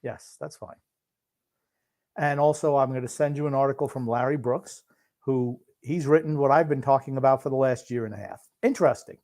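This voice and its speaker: A man co-hosting a sports podcast and reacting to a live game in casual chat, dry and gruff, with long pauses between thoughts. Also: medium pitch, a little mellow. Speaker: podcast co-host. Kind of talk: casual sports commentary while watching a game.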